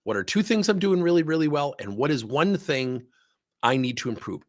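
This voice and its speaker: A man's voice: medium pitch, brisk. A man giving a leadership talk, telling a story and acting out both sides of a conversation. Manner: animated storyteller acting out dialogue. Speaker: leadership speaker.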